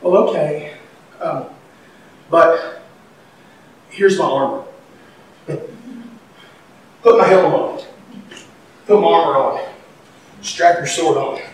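A man preaching, voicing a hesitant, unsure king in a lower, subdued tone. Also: takes it slowly, long pauses, a little hiss or hum. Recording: echoey hall, mic far off.

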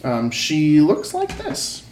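A man's voice: on the high side, wildly swooping pitch, slow, a little mellow. A man narrating a tabletop game as game master, loose and full of ums. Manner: loose, many ums and restarts. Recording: echoey room, faint noise.

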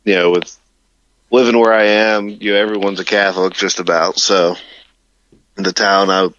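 A man's voice: fairly low pitch, little pitch movement, moderate pace, a bit bright, dry recording, lo-fi sound. A man co-hosting a podcast in casual chat, telling stories in a rambling way with lots of fillers and laughs. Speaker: podcast co-host.

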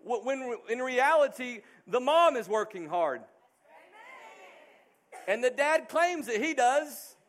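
A man's voice: very high voice, lively intonation, takes it slowly, long pauses, some chatter behind. A middle-aged male pastor preaching a sermon, earnest and emphatic.

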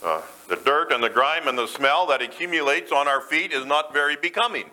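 A man's voice: fairly high pitch, expressive, brisk, sharp tone, low-quality recording. A man preaching a sermon to a church, talking conversationally and putting questions to the congregation. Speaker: pastor.

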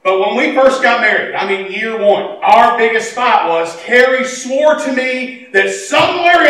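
High-voiced pastor in echoey church. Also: male voice, lively intonation, a little slow, few pauses. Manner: storytelling, acts out dialogue, swings between loud and hushed. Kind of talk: sermon. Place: church sanctuary. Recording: echoey church hall, mic at a distance, faint noise.

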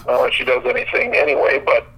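A man's voice: medium pitch, very animated, fast talker, fairly bright tone, slightly rough, poor audio. A man co-hosting a casual podcast, ranting bluntly with frequent swearing. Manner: blunt, profane, exasperated ranting. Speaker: podcast co-host. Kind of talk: casual sports podcast chat.

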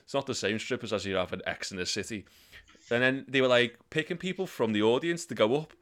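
A man's voice: quick pace, a bit bright. A young man telling crude stories in casual chat, swearing freely. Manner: swears freely, laughs while telling stories, mimics voices in sudden high bursts.

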